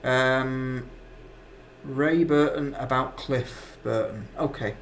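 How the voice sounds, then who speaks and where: A man hosting a live stream in a casual, chatty way, reading viewer comments with relaxed fillers. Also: mid-range voice, takes it slowly, slight background noise.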